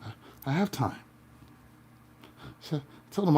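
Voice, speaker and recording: A man, a tarot reader and life coach, telling a story to his viewers in a playful way, swinging between loud and hushed and laughing often. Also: on the high side, sing-song, measured pace, pauses often, breathy edge.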